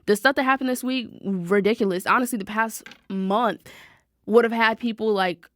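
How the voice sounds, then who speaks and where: A woman hosting a podcast, talking casually and with feeling about personal growth, speaking straight to her listeners with quick asides. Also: a little high, no room sound. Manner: animated, talks to listeners directly, quick asides. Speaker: podcast host. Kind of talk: casual self-help monologue.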